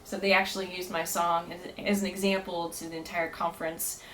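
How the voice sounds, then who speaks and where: A woman's voice: lowish voice, little pitch movement, a little fast, a bit bright, a little hiss or hum, poor audio. A woman guest on a podcast, telling her story earnestly with many fillers and frequent laughter. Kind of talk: casual storytelling.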